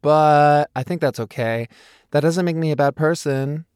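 This is a chatty, rambling young man from a storybook, cheerful and a little scatterbrained, as a male narrator puts him on. He sits slightly above the narrator's own pitch, and the reading sounds dry and close. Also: a little slow, a little mellow, smooth, dry recording, natural voice. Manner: rambling, chatty, self-deprecating.

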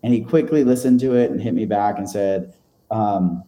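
As an interview guest, a man tells a long, rambling story in a casual, self-deprecating way, full of fillers and small laughs. His warm voice sits on the low side at a normal speed, and the sound is reverberant.

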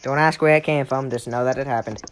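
A man's voice: medium pitch, fairly even intonation, fast, slight background noise. A man hosting a podcast in casual, joking chat, blunt and swearing freely. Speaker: podcast host.

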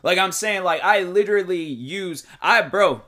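A man hosting his own podcast, talking in a casual motivational monologue, animated and defensive, full of fillers and restarts. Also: sits high, normal speed. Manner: defensive, emphatic. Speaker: podcast host and YouTuber. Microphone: desk microphone.

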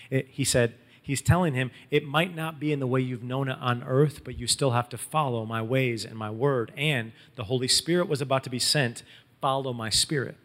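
A man preaching a sermon, telling the story in a lively, casual way and acting out quotes in everyday slang. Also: medium pitch, big-room sound. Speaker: pastor.

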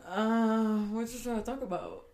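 A young woman co-hosting a casual podcast, speaking haltingly with deadpan jokes. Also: fairly high pitch. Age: young adult. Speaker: podcast co-host. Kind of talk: casual chat.

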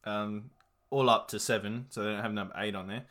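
Young Aussie man, bright rambling chat. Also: fairly low pitch, steady tone, brisk. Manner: laid-back, rambling, many fillers and swearing. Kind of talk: casual chat reviewing movies.

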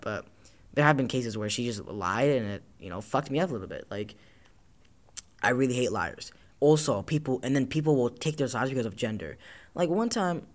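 A man from Tacoma hosting a casual talk show, telling rambling, profane stories and acting out what people said. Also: medium pitch. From Tacoma, Washington, US. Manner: rambling storyteller, profane, acts out quotes. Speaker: podcast host. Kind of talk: casual chat.

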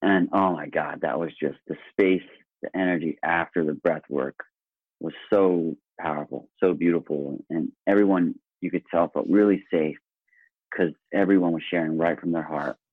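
A man with a very low, husky voice talks earnestly and enthusiastically as a podcast guest, often doubling back on his words. The sound is dry and thin, like a phone line. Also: fairly even intonation, normal speed, no echo. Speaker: guest, speaker and workshop presenter. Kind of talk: casual podcast conversation.

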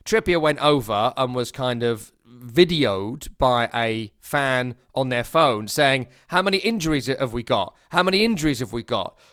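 A man's voice: medium pitch, animated, normal speed, hardly any pauses, a bit bright, no room sound. Guy rambling about football, wry and chatty, mid voice, dry mic. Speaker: podcast co-host. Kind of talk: casual football chat.

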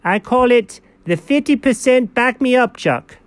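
A man's voice: extremely high pitch, expressive, a little slow, smooth, dry recording. A man co-hosting an improvised comedy show, rambling playfully with theatrical gasps. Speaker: comedy co-host.

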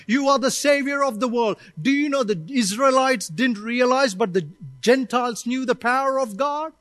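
Male pastor, sermon, emphatic, draws responses from the congregation, high voice, dry close sound. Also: normal speed, hardly any pauses, a bit bright, no room sound. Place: church service.

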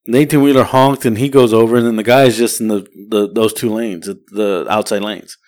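A man's voice: on the low side, steady tone, brisk, darkish tone. A man, co-hosting a podcast and telling a rambling, profane story in casual chat. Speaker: podcast co-host.

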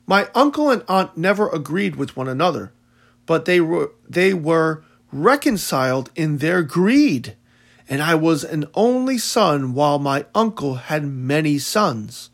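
A man narrating a first-person audiobook in a measured, solemn way. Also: a little high, big pitch swings, vocal fry.

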